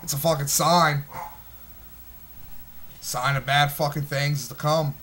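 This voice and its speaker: A man in his twenties rants through a movie review in a tense, forceful voice that sits a little high. His talk is agitated and thick with profanity. He keeps stumbling into restarts mid-sentence. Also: fairly even intonation, slow pace, slight background noise. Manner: smoking while talking.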